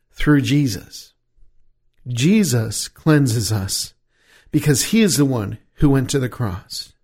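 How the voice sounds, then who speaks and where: A middle-aged man preaching a sermon, asking rhetorical questions and slowing down on the key phrases. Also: a little high, a little mellow.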